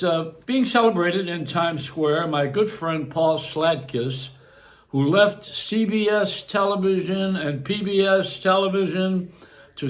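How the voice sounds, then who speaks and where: Older male host with a slightly high voice, loose, self-mocking monologue. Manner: chatty, self-mocking, laughs at his own jokes. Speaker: radio and broadcast host. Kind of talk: casual rambling monologue.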